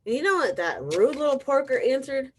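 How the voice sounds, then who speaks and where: A woman's voice: high voice, very animated, a little fast, breathy edge, pitched above the performer's own voice, full character voice. Woman reading as a sly, sniffly wolf. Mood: wry. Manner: storybook read-aloud with voiced quotes and wry asides. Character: sneezy male wolf telling his side, sly and self-pitying.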